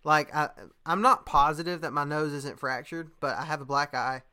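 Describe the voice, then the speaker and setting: A man's voice: fairly high pitch, steady tone, moderate pace, sharp tone, clean tone. A young man in casual chat, a podcast host telling a story in a laid-back way, with lots of fillers and laughter.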